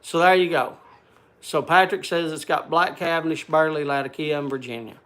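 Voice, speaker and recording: A man's voice: a little high, fairly even intonation, moderate pace, a bit bright. An older man hosting a livestream, chatting with viewers in a rambling, folksy, self-deprecating way. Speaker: livestream host. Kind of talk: casual chat to viewers.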